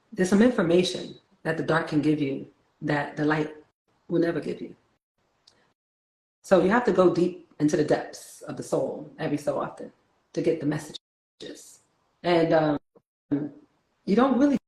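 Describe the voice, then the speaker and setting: A woman's voice: low voice, a little mellow, reverberant, rough recording. A woman from New York with a New York accent hosting a casual spiritual talk, playful, laughing often and turning reflective.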